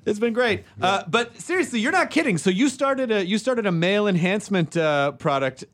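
A man hosts a podcast with a lively, bouncing voice that sits a bit high. He keeps tossing out teasing, crude gags. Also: a little fast. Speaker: podcast host. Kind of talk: casual podcast chat.

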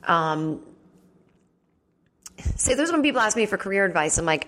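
A woman's voice: mid-range voice, very animated, normal speed, fairly bright tone. A woman hosting a comedy podcast from home, chatting casually and rambling with lots of fillers and asides. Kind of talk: casual solo chat.

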